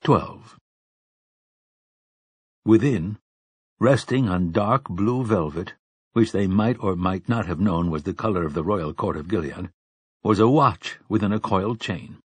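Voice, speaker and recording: A man narrating a novel in a steady, measured way. His voice sits low and a little husky. The sound is close and dry. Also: no echo. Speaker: audiobook narrator. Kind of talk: scripted narration.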